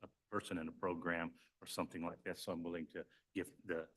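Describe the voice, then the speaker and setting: Commissioner, man, very deep, monotone, polite and earnest. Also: fast, husky. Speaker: city commissioner. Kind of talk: public meeting remarks.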